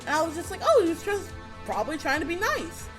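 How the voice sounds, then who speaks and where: A young adult woman telling a casual storytime, animated, laughing often, swearing freely and acting out the people she quotes. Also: very high-pitched, fast, over music.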